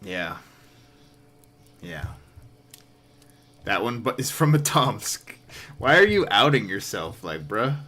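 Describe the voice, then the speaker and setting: A man's voice: medium pitch, bright, forceful tone. A man streaming live, giving casual, dry and sarcastic commentary.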